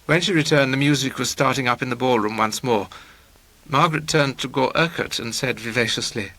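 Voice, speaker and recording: A man narrating a novel in a measured, wry storytelling manner. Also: medium pitch, pushed and bright, poor audio. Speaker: audiobook narrator.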